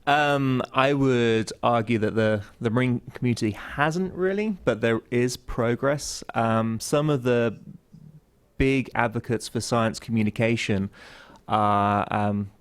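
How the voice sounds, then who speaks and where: A man's voice: mid-range voice, slow pace, clean tone. A man answering questions on a panel discussion, hesitant, with many fillers and restarts; he teaches classes. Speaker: university teacher.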